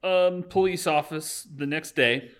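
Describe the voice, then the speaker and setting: A man's voice: fairly high pitch, a bit bright, clear, resonant tone. A man hosting a podcast, recapping a movie in casual chat, rambling and acting out lines from the film. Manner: rambling, acts out characters' lines in quick voices. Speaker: podcast host.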